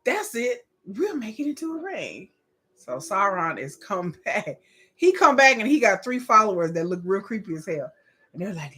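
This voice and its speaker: A woman's voice: on the high side, sing-song, moderate pace, over music. A woman hosting a live watch-along, chatting candidly, swearing freely and laughing often. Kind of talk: casual reaction commentary.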